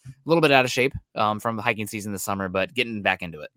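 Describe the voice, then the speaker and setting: Bright-voiced man, dry close podcast sound. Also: lowish voice, dry recording. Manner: fast-talking, analytical with frequent um fillers. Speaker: podcast co-host. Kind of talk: casual sports talk. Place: Seattle area.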